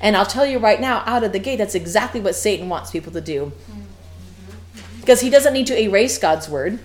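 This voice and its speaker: Woman preacher, conversational sermon, animated pitch, quick to laugh. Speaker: women's Bible teacher.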